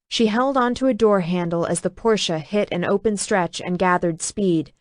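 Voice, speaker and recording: A woman narrating an audiobook with a steady, even reading. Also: mid-range voice, moderate pace, few pauses, no room sound, studio quality. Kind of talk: scripted narration.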